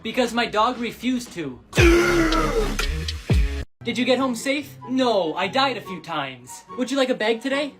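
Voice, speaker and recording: A woman performing quick comedy skits, delivering deadpan punchlines. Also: a little high, music in the background. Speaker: skit comedian.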